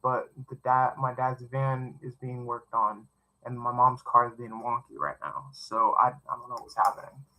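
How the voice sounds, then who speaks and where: A man's voice: medium pitch, moderate pace, bright, forceful tone, low-quality recording. A man reading a novel aloud, breaking off for chatty, wandering asides. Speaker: reader.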